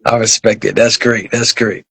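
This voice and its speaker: Halting man interviewer, dry sound. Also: on the low side, level tone, vocal fry, fairly bright tone, breathy edge, no echo, poor audio. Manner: halting, many fillers and repeats, affirming. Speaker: interview host. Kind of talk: casual interview.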